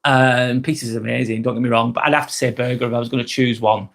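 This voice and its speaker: A man in his forties hosting a live stream, chatting casually and reading out viewer comments, friendly, rambling and quick to apologise. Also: mid-range voice, steady tone, creaky, fairly bright tone. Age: 40s. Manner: chatty and friendly, ranting a little, apologising often.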